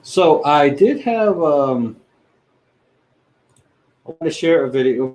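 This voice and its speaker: A man hosting a livestream, chatting casually and haltingly as he thinks aloud with frequent fillers. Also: mid-range voice, low-quality recording. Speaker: livestream host. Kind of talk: casual stream setup chat.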